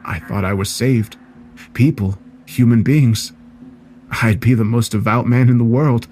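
A man's voice: lowish voice, a little mellow. A man reading a first-person horror story aloud in a dramatic, scripted narration.

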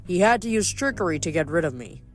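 Brief: a smooth-talking, menacing giant hunter, male, voiced by the reader, from an audiobook. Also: medium pitch, very animated, quick pace, soft background music, natural voice. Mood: smooth menace.

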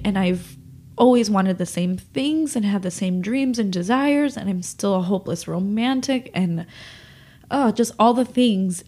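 A woman's voice: medium pitch, dark tone. A young woman speaks on her own podcast, her voice nasal from holding back tears. She rambles in a confessional way, full of fillers and restarts as she works through her feelings. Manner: emotional, rambling, many fillers. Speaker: podcast host.

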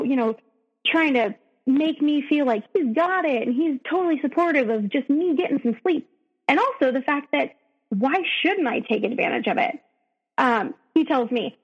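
A woman, a podcast guest, recounting her own story in an emotional, halting way full of restarts. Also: high-pitched, expressive. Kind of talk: personal storytelling. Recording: dull, echoey recording.

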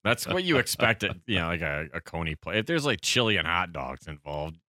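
A man's voice: sits low, sing-song, a little fast, pushed and bright, no echo, clean studio sound. A man co-hosting a comedy radio show, dropping wry quips and short comebacks in casual banter.

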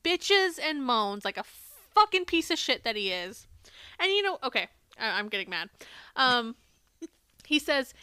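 A woman's voice: fairly high pitch, sing-song, measured pace, long pauses, pushed and bright, clean tone, dry recording. A woman co-hosting a podcast, recapping a show in casual chat with sarcasm and frequent swearing. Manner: sarcastic, swears often, mocks quotes. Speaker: podcast co-host.

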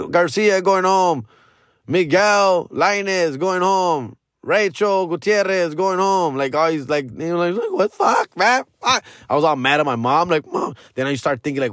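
A man's voice: mid-range voice, no echo, clean studio sound. Profane LA man telling stories. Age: 40s. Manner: profane, slangy, chuckling. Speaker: podcast host. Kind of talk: casual storytelling monologue.

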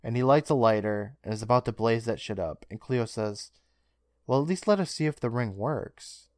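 Male podcast co-host, animated recap with quick character lines, dry close sound. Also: mid-range voice, dry recording. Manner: retells scenes with quick put-on character lines, laughs often. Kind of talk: casual recap chat.

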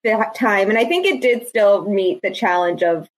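A woman's voice: mid-range voice, animated, normal speed, rough recording. A woman co-hosting a podcast in casual chat, enthusiastic and rambling. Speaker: podcast co-host.

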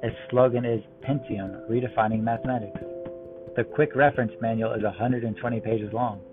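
Deadpan man telling jokes over a tinny line. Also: medium pitch, brisk. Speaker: joke teller. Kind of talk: reading one-liner jokes. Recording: tinny phone-like line with music behind. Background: music.

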